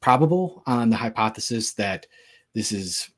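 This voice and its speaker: Male speaker, husky edge, relaxed lecture style, chatty and joking, lots of fillers. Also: on the low side, normal speed. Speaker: Christian apologetics speaker. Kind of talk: casual lecture.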